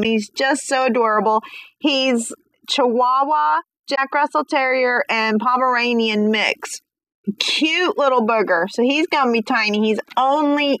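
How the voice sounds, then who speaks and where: A woman's voice: fairly high pitch, rough recording. A woman hosting a radio interview, chatty and giggly as she talks. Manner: chatty and giggly, animated about her dogs. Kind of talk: casual radio interview chat.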